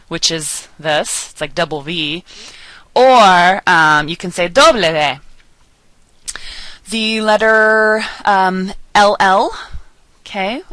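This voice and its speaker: Female instructor, lower voice with a crisp bright edge, dry close sound, patient and explanatory. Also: no room sound, poor audio. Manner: patient, explanatory, slows to enunciate example words. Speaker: Spanish teacher. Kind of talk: recorded classroom lecture.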